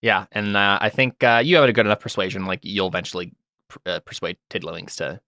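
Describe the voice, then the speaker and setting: A man acting as game master, narrating and explaining in a relaxed way. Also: lowish voice, fast talker, no echo, clean studio sound.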